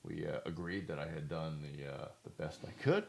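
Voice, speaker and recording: A man's voice: rumbling low, moderate pace, vocal fry, a little hiss or hum. A talkative man telling funny stories in casual chat, joking and laughing as he goes. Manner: talkative, jokey, laughs at his own stories. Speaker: co-host.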